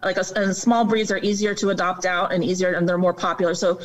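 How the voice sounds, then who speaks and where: A woman's voice: lowish voice, level tone, fast talker, far from the mic, low-quality recording. A woman talking as a podcast guest, explaining earnestly and acting out quoted people. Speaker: guest on animal welfare. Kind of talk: casual podcast chat.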